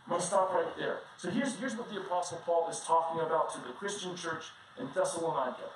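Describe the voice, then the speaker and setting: A man preaching a sermon as a pastor, telling personal stories in a conversational, animated way and often laughing as he talks. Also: on the high side, fast, few pauses. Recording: very echoey room, distant mic, faint noise.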